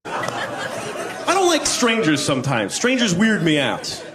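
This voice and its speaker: A man doing stand-up comedy, deadpan between sudden silly voices. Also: high-pitched, slow. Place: comedy club stage. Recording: noisy club with audience laughter. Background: crowd laughing.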